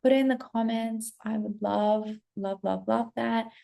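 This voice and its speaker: Gravelly, mellow-voiced woman giving a pep talk. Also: a little high, steady tone, measured pace. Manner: emphatic, swears freely, acts out inner voices. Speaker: spiritual coach and vlogger. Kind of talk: casual motivational pep talk to camera. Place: outdoors or at a window on a trip abroad.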